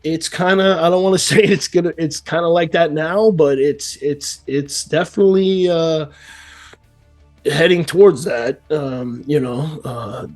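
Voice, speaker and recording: A man's voice: on the high side, a little slow, darkish tone, faint music behind. A man from New York with a New York accent, a metal band vocalist chatting casually in an interview, rambling with many fillers and restarts.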